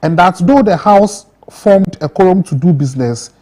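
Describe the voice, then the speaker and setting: Measured host, mellow voice. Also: male voice, sits high. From Ghana. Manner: steady, measured delivery with brief listening murmurs. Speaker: talk show host. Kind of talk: reading a news recap on air.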